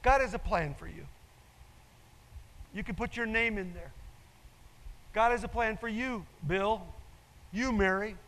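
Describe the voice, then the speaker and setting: An older male pastor with a high voice preaches emphatically, driving home his points by repeating them. His sermon rings out with a long reverb in a large church hall. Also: measured pace, pauses often, fairly bright tone. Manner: emphatic, repeats key phrases.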